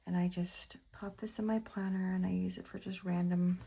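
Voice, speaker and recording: A woman's voice: on the low side, flat delivery, moderate pace, vocal fry, warm tone, a little hiss or hum, rough recording. A woman rambling casually while she sets up a planner page, often dropping into half-whispered asides. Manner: rambling, half-whispered asides, coos baby talk at her cat. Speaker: planner vlogger. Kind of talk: casual chatty voice-over while crafting.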